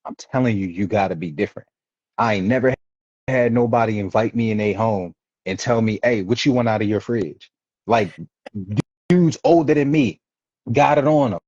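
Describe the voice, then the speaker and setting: A man's voice: medium pitch, moderate pace, darkish tone, no echo. A man from Baltimore, an interview guest, earnestly telling life stories in slangy casual talk. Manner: earnest, slangy, acts out quoted people. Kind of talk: reflective storytelling in casual chat. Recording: dull lo-fi dry recording.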